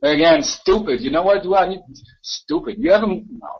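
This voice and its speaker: A man's voice: sits high, brisk. A man ranting argumentatively in a live voice chat room, repeating himself and mocking others. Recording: dull lo-fi voice chat audio.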